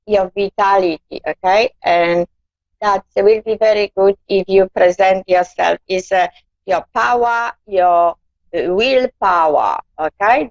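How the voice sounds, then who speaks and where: A woman with non-native English giving a psychic card reading on a live stream, gently coaxing the viewer and often calling her darling. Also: medium pitch, no echo, dull audio.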